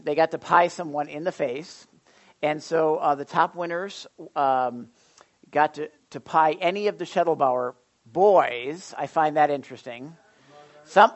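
A middle-aged man pastor leading a church prayer and then giving announcements, folksy and animated with many fillers. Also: fairly high pitch, highs cut off. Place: church service.

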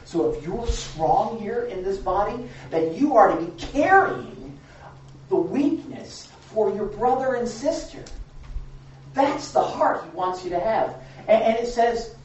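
A woman's voice: mid-range voice, a little mellow, a little hiss or hum. A woman preacher giving a candid, conversational sermon with frequent restarts, recorded from a distance in a church hall. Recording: echoey dull recording from a distance.

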